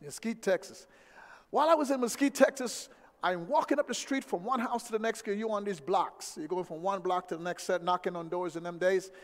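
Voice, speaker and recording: A middle-aged man telling a personal story in an animated, emphatic way, repeating key phrases. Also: high-pitched, brisk. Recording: echoey hall with long reverb.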